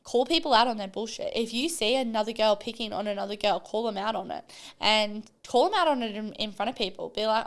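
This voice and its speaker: A woman's voice: medium pitch, expressive, a little fast. A young adult woman hosting a solo podcast, talking bluntly and passionately and swearing freely. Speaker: podcast host.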